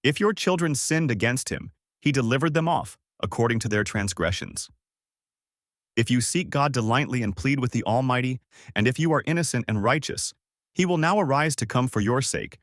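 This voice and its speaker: A stern friend delivers a rebuke, solemn and measured, as a male reader voices him. The voice sits at an ordinary middle pitch. It is recorded dry and close, with no room sound. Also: expressive, dry recording, close to an everyday voice. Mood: rebuking.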